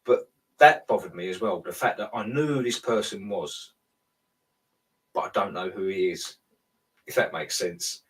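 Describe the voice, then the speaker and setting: Bloke rambling through a dream story, lowish voice, bit far from the mic. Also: male voice, moderate pace, long pauses, a bit bright. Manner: rambling storyteller, self-interrupting. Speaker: guest telling a dream. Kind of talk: casual chat.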